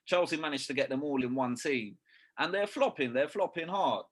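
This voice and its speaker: A man's voice: a little high, lively intonation, moderate pace. A young man, talking football in a casual podcast chat, full of slang and swearing. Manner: slangy, swearing, keeps saying "bruv". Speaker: podcast co-host.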